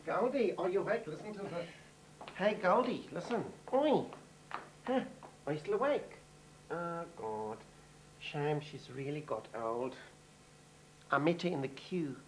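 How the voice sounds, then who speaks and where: A man's voice: fairly high pitch, expressive, unhurried, pauses often, a little hiss or hum, poor audio. An actor playing a chattering, self-important white Johannesburg woman with a South African accent in a TV comedy. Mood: brassy. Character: brash gossipy middle-aged white Johannesburg woman. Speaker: comic lead. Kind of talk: TV comedy acting.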